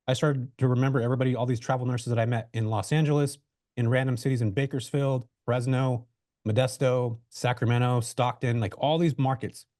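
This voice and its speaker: A real estate investor, a man, appears as a guest in a webinar interview over a video-call mic, telling his story loosely and conversationally with lots of fillers and restarts. His mid-range voice is darkish, in studio-quality audio with no room sound.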